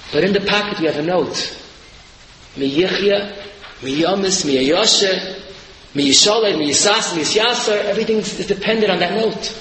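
High, bright-voiced preacher man in echoey hall. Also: moderate pace, long pauses, slight background noise. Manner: animated storytelling, rising to shouted emphasis. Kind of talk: sermon.

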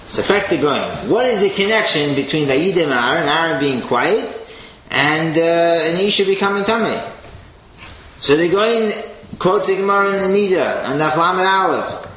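A man teaching a Torah class with an animated delivery, swinging between loud emphasis and quiet asides and sprinkling in Hebrew and Yiddish terms. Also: fairly high pitch, normal speed. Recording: echoey room with faint noise.

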